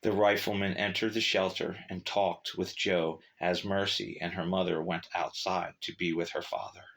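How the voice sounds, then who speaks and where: A man narrating a short story in a measured, steady reading. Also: sits low, creaky.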